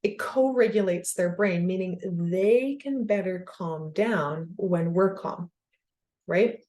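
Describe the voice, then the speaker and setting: A woman's voice: fairly low pitch, takes it slowly. A woman hosting a self-help podcast, talking casually and animatedly, leaning heavily on "like" as she explains her ideas. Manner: animated and conversational, heavy use of "like". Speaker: podcast host.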